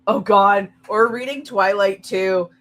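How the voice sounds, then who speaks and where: A young woman chatting casually on her live stream, excitable and rambling, with frequent restarts and laughter. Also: mid-range voice, slow. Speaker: streamer hosting a write-with-me stream.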